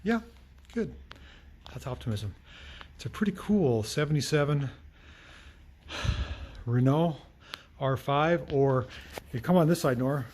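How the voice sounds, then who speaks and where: A man's voice: medium pitch, expressive, measured pace, long pauses, a little mellow. A middle-aged man running a casual vlog in his auto repair shop, talking friendly through each step as he works. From United States. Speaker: mechanic and channel host. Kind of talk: casual shop vlog, explaining while working.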